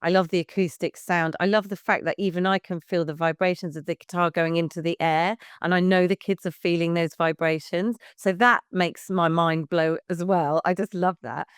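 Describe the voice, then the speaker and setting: Woman, 50s, podcast guest, frank, chatty, smooth clear voice. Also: on the low side, steady tone, normal speed, few pauses, no room sound, clean studio sound. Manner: frank, chatty, warm-hearted, swears casually. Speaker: guest, baby music class leader. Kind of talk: casual podcast chat.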